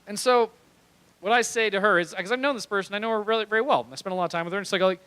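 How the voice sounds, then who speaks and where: A young man with a high, bright voice doing stand-up on a small club stage. He rambles through his stories with animated energy and keeps laughing at his own lines. He speaks into a handheld stage mic. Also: very fast, smooth, no room sound, rough recording. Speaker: stand-up comedian. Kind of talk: stand-up comedy.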